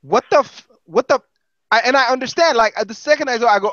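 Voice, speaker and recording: A man on a podcast telling a story in casual, profane, animated talk. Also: sits high, quick pace, dry recording, highs cut off. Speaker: podcast co-host.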